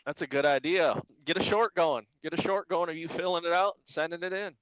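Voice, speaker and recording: A man who drives a flatbed truck, chatting casually as a guest on a live stream and telling animated stories about life on the road. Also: on the high side, fairly quick, clear, resonant tone, no room sound, lo-fi sound. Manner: animated storyteller, quotes people in voices.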